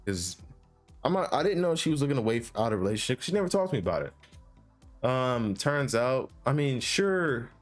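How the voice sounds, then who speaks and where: A man's voice: mid-range voice, big pitch swings, moderate pace. Young guy, casual storytime, rambly and profane, faint music behind. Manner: rambling, full of restarts and fillers, profane.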